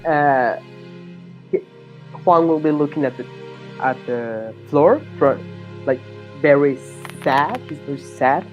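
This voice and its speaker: A tabletop player describing their character's actions in a halting way, with many fillers. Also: mid-range voice, muffled recording, soft background music. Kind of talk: tabletop role-play.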